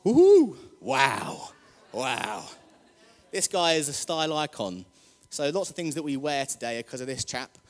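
A man's voice: fairly high pitch, fairly quick, few pauses, a bit bright. A man preaching a casual, jokey sermon, chatty and rousing the congregation. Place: church hall. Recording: long hall reverb.

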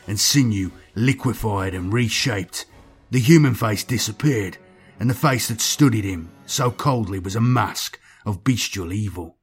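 A man narrating a dark science-fiction story in a measured, grim storytelling manner. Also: fairly low pitch, breathy edge. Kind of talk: scripted dark sci-fi story reading.

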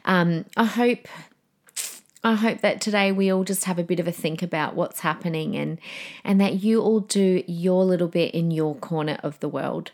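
Aussie mum talking into her podcast mic, low-ish voice, lots of ums, super chatty. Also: moderate pace. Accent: Australian. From Australia. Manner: chatty and animated, with laughs and fillers. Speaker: podcast host. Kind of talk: solo podcast monologue.

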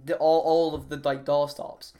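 A man's voice: fairly high pitch, level tone, normal speed, dark tone. A man co-hosting a casual chat, giggling often and rambling, trailing off mid-sentence and restarting his thoughts.

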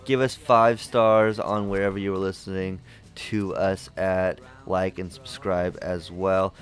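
A man's voice: low-pitched, level tone, a little slow, clear, resonant tone. A young man hosting a podcast in casual chat, rambling with lots of fillers and jokes. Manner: rambling, filler-heavy, jokey. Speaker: podcast host.

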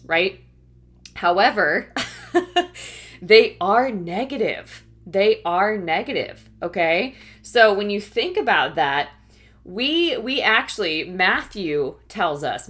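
A woman giving a faith-based coaching talk, conversational and encouraging, often checking in with her listeners. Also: on the low side. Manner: conversational, keeps checking in with "right?" and "okay?"; warm, encouraging, laughs now and then. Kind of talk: teaching talk.

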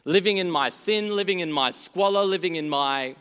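A man preaching a sermon in a church, earnest and storytelling, moving between hushed and animated delivery. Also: high-pitched, normal speed, smooth, long reverb tail.

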